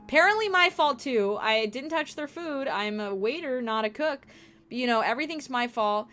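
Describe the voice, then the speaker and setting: A young woman streamer telling stories in casual chat, animated and profane, acting out the people she quotes. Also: high voice, moderate pace, faint music behind.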